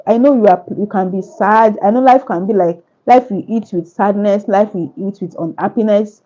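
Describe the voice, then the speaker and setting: Woman, book launch Q&A, earnest, repetitive preacher-like phrasing, mellow dark tone, dull lo-fi audio. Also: medium pitch, moderate pace, few pauses. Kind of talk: answering questions at a book launch.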